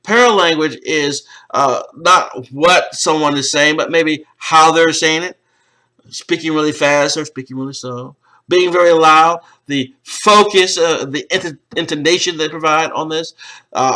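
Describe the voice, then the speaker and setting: A male college lecturer explaining slides, pausing often on "uh" and restarting phrases. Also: on the high side, pushed and bright, rough recording. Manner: explanatory, with frequent "uh" fillers and restarts. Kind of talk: recorded lecture over slides.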